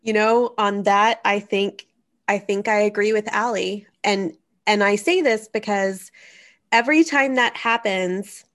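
A woman's voice: medium pitch, a little slow. A woman hosting a casual comedic advice chat, telling stories animatedly and cussing freely. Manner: profane, animated storytelling. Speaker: podcast host. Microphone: studio microphone.

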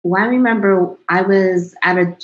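A woman's voice: mid-range voice, moderate pace. A woman in her thirties telling a personal story in a casual interview, chatty, laughing often and trailing off into restarts. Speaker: interview guest. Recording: dull lo-fi sound.

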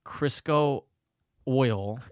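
A man's voice: mid-range voice, extremely slow, a little mellow, clean tone, no echo, studio quality. A young man in crude, casual podcast chat, candid and a bit defensive. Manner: candid, defensive, laughs at himself.

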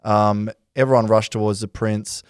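A man's voice: on the low side, flat delivery, normal speed, clear, resonant tone, dry recording, clean studio sound. A man hosting a casual podcast chat, telling local history with swearing and laughter. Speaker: podcast host.

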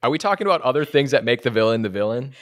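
A man's voice: medium pitch, very fast. A man on a podcast, casually retelling a film scene and acting out its lines with loose, profane talk. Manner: animated storyteller acting out lines. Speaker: podcast co-host.

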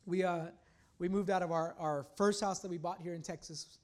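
A man in his thirties, a pastor, preaching a sermon that moves between fervent declarations and chatty, halting storytelling. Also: sits high, steady tone, a little mellow.

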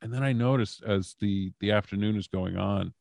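A man's voice: lowish voice, moderate pace, gravelly, a little mellow, no room sound. A man guest on a podcast telling casual stories in a rambling way, with many fillers and restarts. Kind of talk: casual storytelling.

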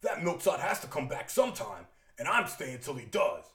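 A boastful teenage bully sneers and mutters to himself, cocky and sure of his own toughness, as a man puts him on. The voice sits a little lower and comes through a roomy echo. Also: very animated, normal speed, a bit bright. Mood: sneering.

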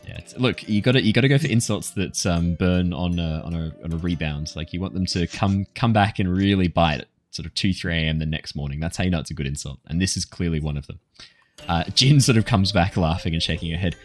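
A man narrating as game master in a tabletop game, relaxed and rambling, with fillers. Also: low voice, quick pace, faint music behind.

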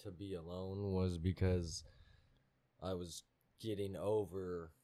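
A man's voice: deep voice, level tone, slow pace, mellow, no echo. A man, guest on a podcast, talking in a blunt, terse, casual way. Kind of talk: casual chat.

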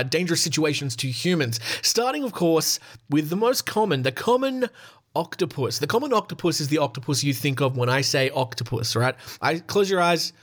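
A male podcast host with a slightly higher-than-average voice reads out animal facts in a loose, chatty way. He keeps breaking off for jokes at his own expense and wry asides. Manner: jokey, self-deprecating asides. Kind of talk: casual podcast chat reading animal facts.

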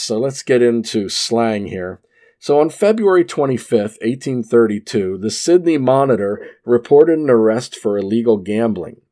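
Sitting at a desk microphone, a man with a fairly low, slightly mellow voice reads an article aloud in a casual way. He keeps wandering off into rambling asides, with lots of "uh"s and restarts.

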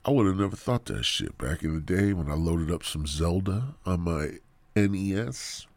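A man's voice: sits low, expressive, normal speed, darkish tone, dry recording. A man hosting a podcast, ranting crudely in a rambling comedic monologue and swearing constantly, in his thirties. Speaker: podcast host.

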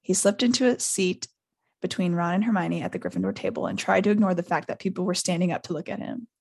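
A woman's voice: on the low side, fast, vocal fry, husky. A woman hosting a podcast, reading a book aloud live with character voices and chatty asides. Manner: reads with animated character voices, laughs often.

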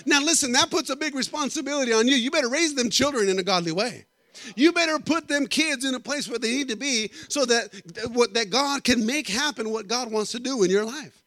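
A middle-aged man preaching a sermon, telling animated stories and joking with the congregation. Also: extremely high pitch, a little fast, dry recording. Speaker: guest preacher. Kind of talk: storytelling sermon.

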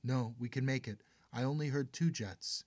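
A man's voice: fairly low pitch, fairly even intonation, unhurried, a little mellow, dry recording, natural voice. A man voicing a determined teenage girl rebel in an audiobook, urgent and pleading. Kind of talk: audiobook character voice.

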